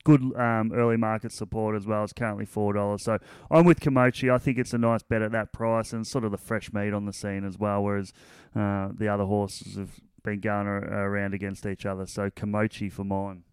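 A man analysing horse races in a relaxed, casual way, full of fillers. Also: lowish voice, brisk, clean tone, dry recording. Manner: relaxed, lots of fillers like "you know" and "um". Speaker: racing analyst.

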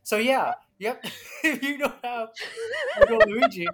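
A woman's voice: fairly high pitch, measured pace, very noisy. A woman co-hosting a casual podcast, profane and jokey, reading news aloud between gags. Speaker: podcast co-host. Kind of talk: casual chat.

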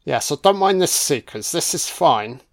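A man's voice: fairly high pitch, lively intonation, moderate pace. A man giving casual, crude commentary on a horror film, sarcastic and swearing nonstop as he mocks the characters.

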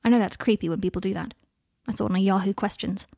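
Brief: woman reader as an earnest young wizard man, husky, dry close sound. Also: mid-range voice, fairly even intonation, quick pace, a little mellow, dry recording.

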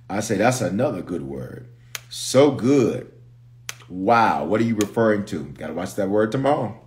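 Low-voiced pastor chatting on a livestream. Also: male voice, unhurried. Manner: energetic, reads viewer comments aloud. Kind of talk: casual livestream chat.

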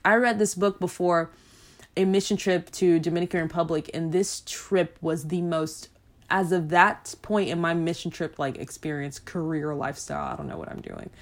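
A woman's voice: on the low side, normal speed. A woman minister telling stories in a rambling, chatty way with many fillers, turning preachy and emphatic. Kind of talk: casual faith talk.

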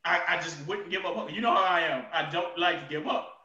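A man co-hosting a casual podcast, ranting loudly and profanely, with shouted outbursts and laughter. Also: on the high side, brisk. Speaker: podcast co-host. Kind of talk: casual chat. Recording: roomy, distant, dull sound.

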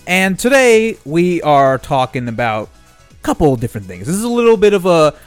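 A man's voice: fairly high pitch, big pitch swings, a little fast, clean tone, soft background music. A young man hosting a podcast in casual chat, enthusiastic and playful, with plenty of banter. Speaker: podcast host.

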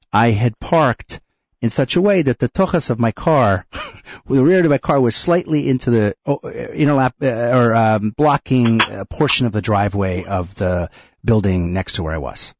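A man co-hosting a radio talk show, telling a personal story in a halting way, with restarts and nervous laughs. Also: medium pitch, dry recording, highs cut off. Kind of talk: conversational storytelling.

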